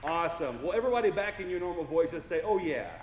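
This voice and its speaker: Goofy, lively man in an echoey hall. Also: a little high, fast, very noisy. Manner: goofy, playful, engages the crowd. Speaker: keynote speaker. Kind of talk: motivational keynote speech. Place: large hall with audience.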